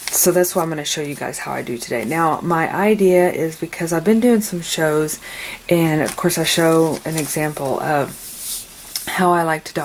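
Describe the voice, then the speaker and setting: A woman hosting a craft channel, talking casually through a tutorial at home late at night in a low-key, quiet monotone. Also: a little hiss or hum.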